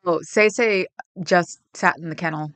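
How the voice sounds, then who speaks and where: A woman's voice: on the low side, unhurried, a bit bright, smooth, no echo. Rambling, chatty woman streamer. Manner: chatty, rambling, emotional about pets. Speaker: livestream host. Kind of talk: casual chat with viewers.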